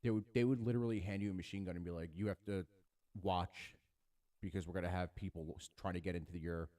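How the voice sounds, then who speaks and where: A man's voice: low-pitched, fairly even intonation, quick pace, mellow. A young man chatting on a podcast, telling rambling stories with swearing and quoting people as he goes. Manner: rambling storyteller, swears, acts out quotes. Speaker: podcast co-host. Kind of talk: casual chat.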